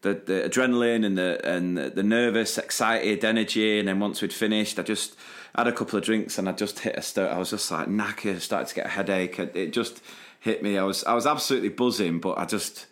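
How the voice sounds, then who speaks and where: A man with a fairly low voice, chatting casually on a podcast. He recalls a night out in an easygoing way and hands the story over to his co-host. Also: brisk, hardly any pauses, a bit bright. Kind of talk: casual chat.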